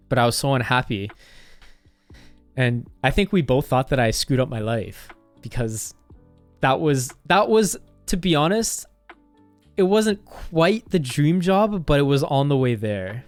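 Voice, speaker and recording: A man's voice: mid-range voice, clear, resonant tone, no echo. A young man streamer casually telling a story, rambling with constant "like" fillers and swearing.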